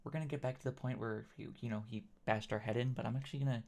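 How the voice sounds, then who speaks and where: Gravelly guy playing a horror game. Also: mid-range voice, steady tone, very fast, a little mellow. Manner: rambling, hesitant, full of "like". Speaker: gaming streamer. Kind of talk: casual let's-play commentary.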